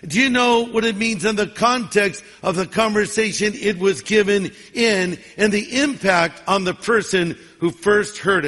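Man in his 60s, pastor, sermon, folksy humor, high bright voice, long hall reverb. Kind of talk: sermon with storytelling.

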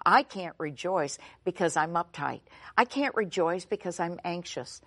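A woman's voice: lowish voice, expressive, measured pace, fairly bright tone, no echo, heavily acted. A woman voicing an anxious, overwhelmed churchgoer who pleads in frustration. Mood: pleading.

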